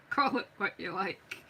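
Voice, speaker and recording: A middle-aged Scottish woman demonstrates card making on a live stream, chatting casually to viewers as she works and poking fun at herself. Her voice is medium-pitched, bright and forceful. The recording is rough, with a little hiss or hum.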